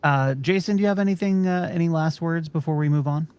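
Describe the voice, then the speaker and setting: A man's voice: a little high, fast talker, darkish tone, clean tone. A man hosting a podcast, ranting in a profane, exasperated way during casual chat. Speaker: podcast host.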